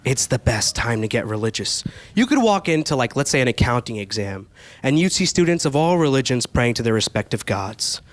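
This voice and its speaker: A man's voice: medium pitch, brisk, no echo. A young man performing a stand-up comedy set on a club stage, telling stories with quoted back-and-forth exchanges. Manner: animated storytelling with quoted exchanges.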